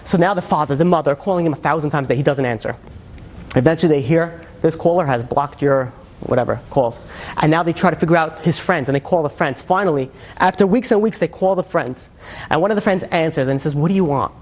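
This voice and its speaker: A man, a rabbi, telling a sermon story in a lively, conversational way, acting out the lines of the people in it. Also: fairly high pitch, fast. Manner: animated, conversational, frequent fillers and acted quotes.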